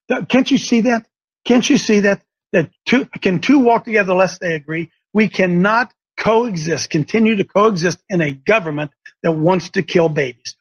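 A man preaching an impassioned sermon, swinging between shouted declarations and quieter, lower asides. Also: slightly rough. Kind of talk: fiery sermon. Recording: dull lo-fi recording.

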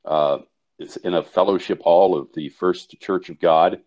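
A man with a very deep voice, calling in as a guest and explaining plans in a halting way, full of "uh"s. The sound is dull and lo-fi. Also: steady tone. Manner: halting, many fillers. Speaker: guest organizer. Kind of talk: call-in guest chat.

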